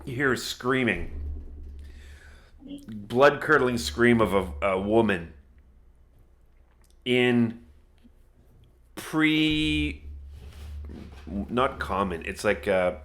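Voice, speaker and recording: A man narrating a tabletop game as game master, chatty, laughing easily and slowing down for dramatic moments. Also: fairly low pitch, a bit bright.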